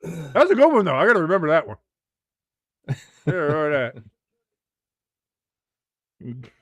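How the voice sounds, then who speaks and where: A man in his forties chats through a game at a live watch-along, crude and rambling, and laughs at his own jokes. His voice sits a bit high for a man and sounds close and dry with no room echo. He talks like it's a loose hangout. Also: sing-song, a little slow, a bit bright. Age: 40s. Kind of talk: casual live sports watch-along chat.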